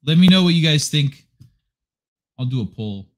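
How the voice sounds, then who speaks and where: Chatty guy running a live stream, kinda high voice, rambly. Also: animated, normal speed. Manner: chatty, rambling, self-talk while setting up. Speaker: livestream host. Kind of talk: casual chat.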